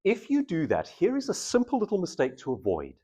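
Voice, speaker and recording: Man, husky voice, hugely lively pitch, public speaking coach, live workshop in a room. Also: a little fast. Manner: animated, shifting between intense and casual delivery. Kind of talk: live workshop talk to an audience.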